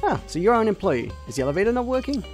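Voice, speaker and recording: A man's voice: sits high, very animated, rapid-fire, faint music behind, pitched above the performer's own voice. A man voicing an earnest, polite young investigator who asks questions in a raised voice.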